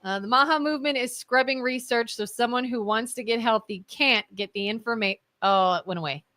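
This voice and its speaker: A woman co-hosting a live local talk show, with a bright, ringing voice pitched a little high. She talks emphatically and lays out her points through example after example. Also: fairly quick. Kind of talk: casual talk show discussion.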